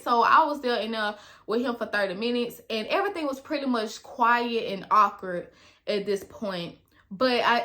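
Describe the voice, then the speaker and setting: A woman in her twenties chatting casually to viewers in a story-time vlog, animated and full of slang. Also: on the high side. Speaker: vlogger.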